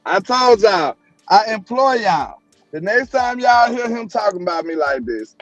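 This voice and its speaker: A man's voice: sits high, big pitch swings, a little slow, muffled recording, soft background music. A man from Alabama with a Southern accent, hosting a casual chat and protesting his innocence in a playful, laughing way. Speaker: show host.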